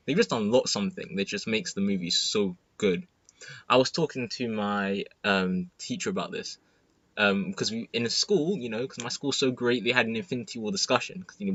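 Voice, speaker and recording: Teen boy, casual movie rant, low husky voice, dry dull recording. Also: no echo. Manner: rambling, excited, many fillers and restarts. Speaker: student vlogger. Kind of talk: casual movie review monologue.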